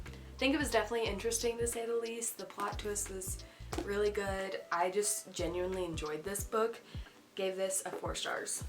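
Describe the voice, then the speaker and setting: A woman's voice: mid-range voice, a little hiss or hum. A woman chatting candidly as she reviews books she has read, with plenty of "um" and "like". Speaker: book vlogger. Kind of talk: casual book review chat.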